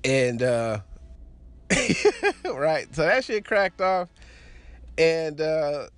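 A man spins a crude personal anecdote in loose, casual talk, chuckling often and circling back over his words. His voice sits a little high and swings widely up and down as he tells it. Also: lively intonation, extremely slow, clear, resonant tone. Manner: crude, laughing, rambling with many restarts. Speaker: storyteller.

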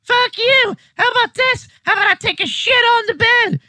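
A woman's voice: extremely high pitch, moderate pace, no echo. A woman doing a furious foul-mouthed starlet. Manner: shouting, spiteful. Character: furious foul-mouthed female movie star.

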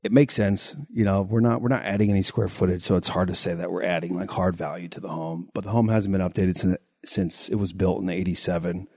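Low dark-voiced guy, bit stuffy in the nose, rambly easygoing podcast chat. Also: steady tone, fairly quick, few pauses, no echo, studio quality. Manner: rambling, repeats words as he thinks. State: a little congested. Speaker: podcast co-host. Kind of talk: casual chat.

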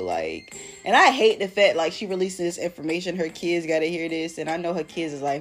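A woman's voice: on the low side, animated, brisk, faint music behind. A young woman hosting a casual solo podcast, chatting in a slangy, rambling way with lots of "like", and feeling emotional today. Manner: slangy and rambling, heavy use of "like". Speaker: podcast host.

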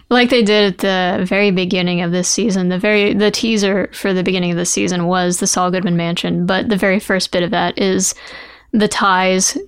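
A woman's voice: mid-range voice, fairly even intonation, moderate pace, clean tone, no room sound, studio quality. A woman co-hosting a casual TV recap podcast, playful and jokey, laughing often. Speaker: podcast co-host.

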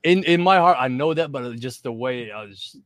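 Excited male wrestler guest, dry sound. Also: mid-range voice, moderate pace, no echo. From outside America. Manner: enthusiastic, swears, says bro a lot. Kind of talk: casual interview chat.

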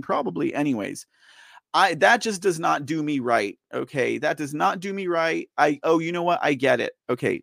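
A man's voice: high voice, creaky, a bit bright, dry recording, clean studio sound. A man hosting a live online show, ranting with exasperation, laughing often and repeating himself as he talks to his viewers. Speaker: livestream news show host. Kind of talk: ranting live commentary, reading viewer chat.

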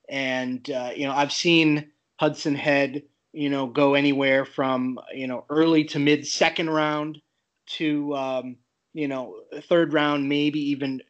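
Man, podcast co-host, halting with ums, dull lo-fi sound. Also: on the high side, fairly bright tone. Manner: hesitant with fillers, reads out lists. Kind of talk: casual podcast chat.

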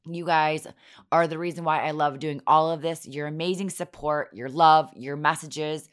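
A woman in her thirties hosting a podcast, hoarse, telling funny stories about her kids in a giggly, self-mocking way. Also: low voice, fairly even intonation, moderate pace. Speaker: podcast host. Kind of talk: casual chatty storytelling.

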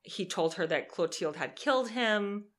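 A young woman co-hosting a podcast, telling a true crime story in a lively, sarcastic way and swearing freely. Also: medium pitch, unhurried. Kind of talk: casual storytelling chat.

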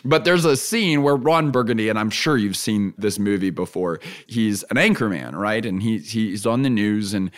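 A man hosting a solo podcast who teaches in an earnest way. He repeats his key phrases and keeps adding asides like "right?". He turns lively and laughs easily when he acts out examples. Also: fairly low pitch, normal speed, hardly any pauses. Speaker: podcast host.

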